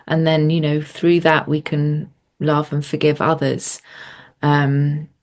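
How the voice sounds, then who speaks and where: A woman with a low-pitched voice speaks as a coach in an online workshop. She thinks aloud in a reflective way, with soft fillers between her thoughts. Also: completely flat delivery, slow pace. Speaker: coach and series host. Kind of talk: teaching talk in an online workshop.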